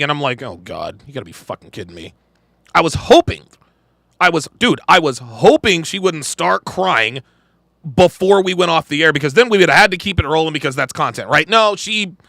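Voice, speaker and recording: Ranting crudely and bluntly as he reacts to clips and chat, this man hosts a podcast livestream. He speaks in a high-pitched, sharp-toned voice captured in a clean studio with no room sound.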